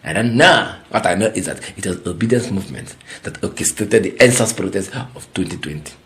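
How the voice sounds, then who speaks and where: A man's voice: deep voice, animated, fairly quick, a bit bright, slight background noise. A man with a Nigerian accent giving ranting political commentary, mocking and incredulous, slipping into Pidgin and repeating words for effect.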